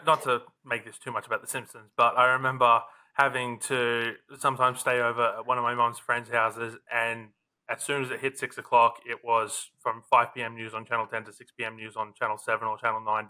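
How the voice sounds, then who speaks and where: Man, host, bright voice, casual chat, jokey delivery. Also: medium pitch, flat delivery, a little fast. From Australia. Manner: chatty, jokey, scripted opening questions. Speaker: podcast host. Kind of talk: casual sports podcast chat. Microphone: video call.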